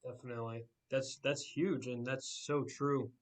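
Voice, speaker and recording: A man's voice: medium pitch, steady tone, moderate pace. A man in his twenties, a small business owner, talking in loose rambling sentences and agreeing with the host. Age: 20s. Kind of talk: casual chat.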